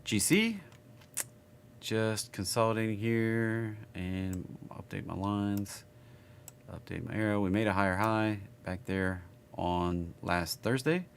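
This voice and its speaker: Southern man, lowish voice, casual market commentary, rambling, keyboard clicks. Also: takes it slowly, vocal fry, a little hiss or hum. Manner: rambling, thinks aloud while typing. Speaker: market analysis streamer. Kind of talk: casual live chart commentary.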